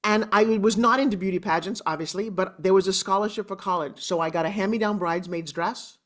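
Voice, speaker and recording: A woman's voice: medium pitch, fast, a bit bright. Chatty, emotional Long Island woman in her sixties, guest telling her life story over a video call. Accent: Long Island New York. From Long Island, New York. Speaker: interview guest. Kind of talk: candid personal storytelling.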